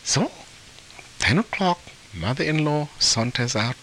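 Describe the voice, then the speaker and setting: A man from Africa, an author and translator of folktales, telling a story in an interview in an animated way, chuckling and repeating words. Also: a little high, a little slow, slight background noise.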